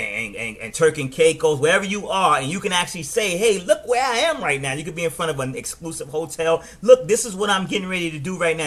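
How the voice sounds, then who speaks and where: A middle-aged man with a New York accent, giving a casual, animated business training talk and often restarting his words. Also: on the high side. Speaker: network marketing trainer.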